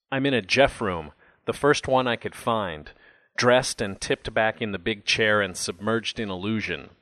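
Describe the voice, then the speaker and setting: A man narrating a first-person audiobook in a measured, close storytelling voice. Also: fairly low pitch, fairly bright tone, dry recording.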